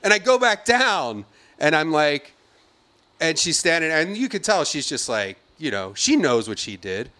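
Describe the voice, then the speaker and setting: A man's voice: on the high side, normal speed, no room sound. A man hosting a podcast, telling an angry story in a casual, profane way and acting out the people he quotes. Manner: profane, animated storyteller who acts out quotes. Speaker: podcast host.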